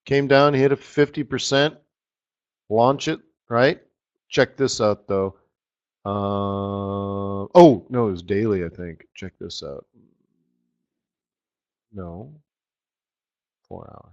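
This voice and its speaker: A man hosting a live trading webinar, walking viewers through charts in an excitable, slangy, chatty way. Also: lowish voice, slow, long pauses. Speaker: forex trading webinar host. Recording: slightly dull lo-fi audio.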